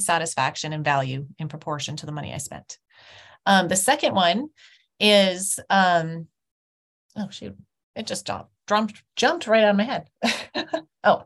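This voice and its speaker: A middle-aged woman, an interview guest, telling lively personal stories with frequent laughter in a casual conversational way. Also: medium pitch. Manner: animated storytelling with laughs.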